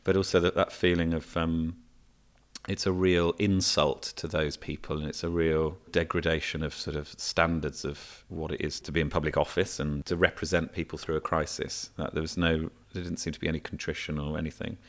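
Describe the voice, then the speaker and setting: Deep-voiced man telling stories. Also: brisk. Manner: animated anecdotes with many fillers and restarts. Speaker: comedian guest. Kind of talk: casual chat, storytelling.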